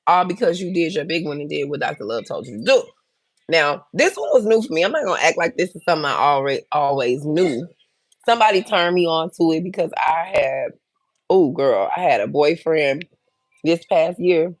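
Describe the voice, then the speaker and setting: A woman's voice: sits low, lively intonation, moderate pace, no echo. A woman hosting a livestream, talking frankly and bluntly to her viewers as she gives advice and tells her own stories. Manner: frank, blunt, chatty, addresses viewers directly. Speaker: host. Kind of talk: candid livestream advice and storytelling.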